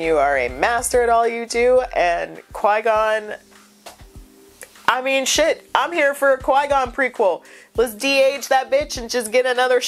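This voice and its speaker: A woman hosting a reaction video in casual chat, excitable and gushing, sounding stuffed up from crying. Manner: excitable, gushing, with big pitch jumps.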